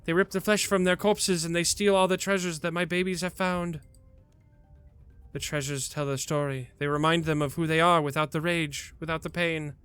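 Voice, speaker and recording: A man's voice: on the high side, fairly even intonation, normal speed, a bit bright, clean tone, faint music behind, lightly acted. A man voicing a grieving old mother dragon. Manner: wailing, lamenting.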